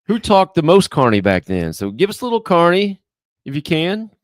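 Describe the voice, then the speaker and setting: A man's voice: fairly high pitch, big pitch swings, normal speed, dry recording, studio quality. Easygoing man reading viewer questions. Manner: reads questions and super chats, easygoing. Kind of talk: casual live-stream chat.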